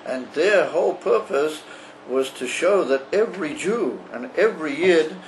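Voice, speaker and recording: A rabbi teaching a class on a religious text, explaining slowly and haltingly with frequent pauses and fillers. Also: male voice, on the high side, expressive, slight background noise, poor audio.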